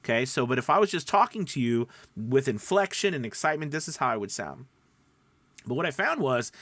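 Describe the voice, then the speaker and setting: A man hosting a show for new voiceover artists, teaching in an energetic, chatty way with frequent fillers. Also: mid-range voice, no room sound. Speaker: voiceover coach. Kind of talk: upbeat teaching monologue.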